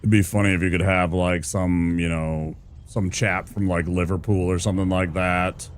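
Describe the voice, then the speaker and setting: Low-voiced sweary game streamer. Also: male voice, level tone, normal speed, slight background noise. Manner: rambling, sweary, laid-back. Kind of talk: casual gameplay commentary.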